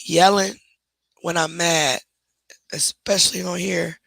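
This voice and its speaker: A woman with a badly hoarse, gravelly voice, rough and husky as if almost gone, chats casually on her livestream. She talks directly to her viewers and moderators. The sound is close and dry, with no room echo. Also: on the low side, fairly even intonation, takes it slowly, a bit bright. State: hoarse, nearly lost voice. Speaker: livestream host.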